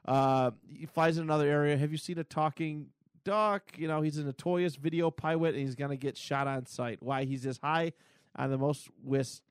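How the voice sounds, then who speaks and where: A man co-hosting a comic book podcast, retelling scenes casually with many pauses and fillers. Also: fairly high pitch, fairly even intonation, smooth, no echo, studio quality. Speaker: podcast co-host. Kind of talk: casual chat.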